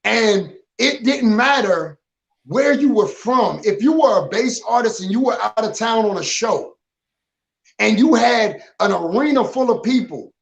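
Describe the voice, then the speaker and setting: A man's voice: sits high, creaky, low-quality recording. A man, a rapper and producer, talking as a guest in a casual interview, emphatic, using street slang and stacking repeated words when he gets going.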